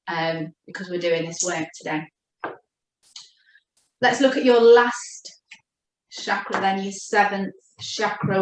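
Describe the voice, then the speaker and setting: Gentle woman reading chakras. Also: medium pitch, a little hiss or hum. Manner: gentle, reassuring, speaks slowly when addressing her guide. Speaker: oracle card reader and coach. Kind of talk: spiritual chakra reading session. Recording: echoey room.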